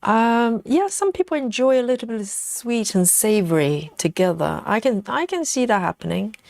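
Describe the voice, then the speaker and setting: A woman's voice: a little high, animated, moderate pace, creaky, darkish tone, dry recording. A woman hosting a casual live stream, chatting and giggling as she reads viewer comments aloud. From United Kingdom.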